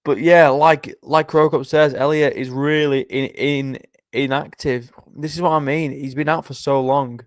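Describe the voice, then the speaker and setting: A man's voice: on the high side, steady tone, a little slow, no echo, studio quality. A tired young man hosting a live stream, chatting casually, swearing often and reading out viewer comments. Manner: chatty, swears often, reads chat aloud. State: tired, yawning. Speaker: livestream host making fight predictions. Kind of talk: casual chat.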